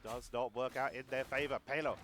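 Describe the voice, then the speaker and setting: A man casting a competitive video game match live, giving rapid play-by-play and chatting about viewer comments. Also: mid-range voice, a little hiss or hum. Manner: rapid excited play-by-play, talks to chat. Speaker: esports caster.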